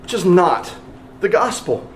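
A pastor preaching with a high voice that leaps up and down in pitch. He presses his points earnestly, repeating phrases for emphasis. His voice rings in a roomy, echoey sanctuary. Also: very animated, a little slow, a little hiss or hum. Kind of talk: sermon.

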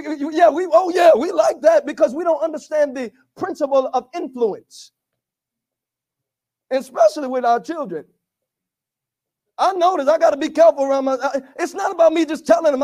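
A pastor preaching a sermon with call-and-response to his congregation, often rising to shouts. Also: extremely high pitch.

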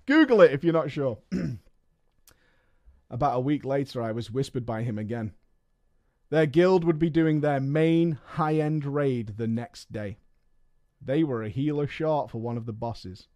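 A man streaming, reading a story aloud and breaking off with quick, joking reactions. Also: mid-range voice. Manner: animated, swears and laughs often, reads in quick asides.

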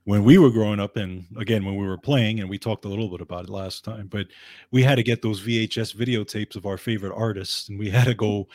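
A man's voice: lowish voice, fast talker, darkish tone, no room sound. A middle-aged man co-hosting a casual chat over a video call, easygoing and chatty. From upstate New York. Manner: easygoing, chatty, laughs often. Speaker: co-host.

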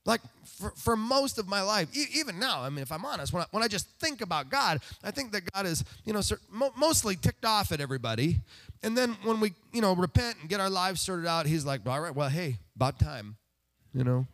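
Male pastor, somewhat high voice with lively, swooping pitch; chatty sermon full of rhetorical questions and self-deprecating asides. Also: fairly quick. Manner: conversational, asks the congregation rhetorical questions.

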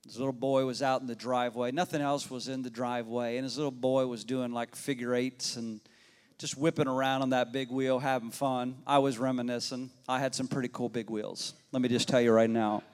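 A man's voice: medium pitch, little pitch movement, a little fast, clean tone. A male pastor delivering a sermon, telling a neighborhood story in a folksy, conversational way and speaking directly to his congregation. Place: church sanctuary. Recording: long reverb of a church hall.

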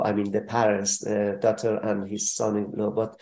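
Halting man in a roomy space. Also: fairly low pitch, completely flat delivery, gravelly, dark tone. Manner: halting speech with many fillers and restarts. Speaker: guest describing relief work. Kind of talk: emotional personal testimony. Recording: roomy echo.

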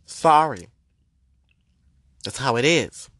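A man's voice: mid-range voice, expressive, slow, a bit bright, no room sound. A man hosting a podcast as a spiritual reader, delivering a blunt, profane, emphatic rant. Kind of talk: ranting podcast monologue.

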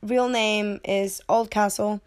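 A woman's voice: mid-range voice, steady tone, takes it slowly. A young woman casually reviewing a film, chatty and digressive, with playful swearing, and sounding sick and short of breath. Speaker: movie reviewer.

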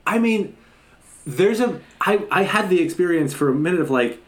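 A podcast co-host riffing on a movie in casual chat, sardonic and profane, with sudden jumps into a higher voice when excited. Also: normal speed.

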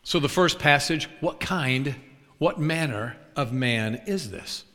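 A man's voice: medium pitch, takes it slowly. A man preaching a sermon, telling humorous stories and acting out scenes, with chuckles along the way. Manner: animated, acts out scenes and chuckles at his own stories. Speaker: traveling preacher. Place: large church sanctuary. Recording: long reverb of a large church.

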